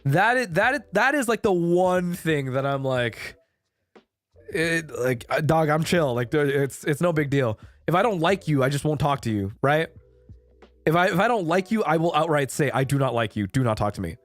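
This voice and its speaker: A man's voice: on the high side, lively intonation, normal speed. A man streaming a casual chat, laid-back and swearing casually, with faint music behind him. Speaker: VTuber streamer.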